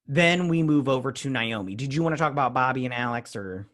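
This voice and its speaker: A man in his thirties hosts a relaxed TV episode review. He retells the scenes loosely with plenty of fillers and acts out the characters' lines. His pitch sits in an ordinary middle range. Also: quick pace. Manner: loose recapping with fillers and acted-out quotes. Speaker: host. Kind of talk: casual episode review chat.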